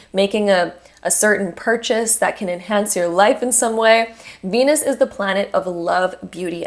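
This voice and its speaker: A woman presenting a monthly astrology forecast in an unscripted, earnest and encouraging way, with fillers and restarts. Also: mid-range voice. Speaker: astrology YouTuber.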